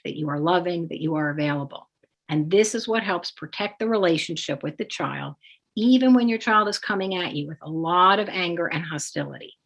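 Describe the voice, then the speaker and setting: A woman coaching parents in a calm, explanatory way, acting out sample phrases to say to a child. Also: mid-range voice. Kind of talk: instructional talk with demonstrations.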